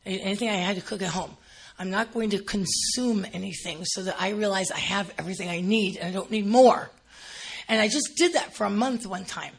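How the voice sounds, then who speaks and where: A middle-aged woman preaching a sermon, telling animated stories and acting out gushing shoppers. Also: fairly high pitch, slightly rough.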